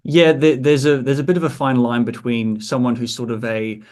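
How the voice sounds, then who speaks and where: A man's voice: medium pitch, little pitch movement, fairly quick, a little mellow. A man hosting a podcast, asking playful, teasing questions. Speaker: podcast host. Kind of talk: casual podcast interview.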